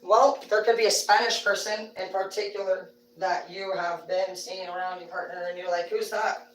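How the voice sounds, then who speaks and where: A woman hosts a casual livestream, telling rambling, profanity-filled stories. Her lowish voice has little pitch movement and a moderate pace, picked up by a distant mic with roomy sound and a little hiss or hum.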